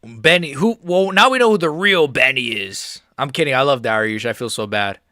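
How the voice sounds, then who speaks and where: A man's voice: medium pitch, expressive, normal speed, sharp tone, no echo, clean studio sound. A man hosting a live stream, reacting to a fight in a casual, rambling, profane way.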